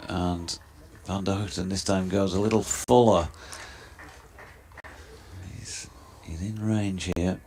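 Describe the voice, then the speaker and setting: A man giving measured ball-by-ball cricket commentary, describing each delivery in detail. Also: low voice, steady tone, a little mellow.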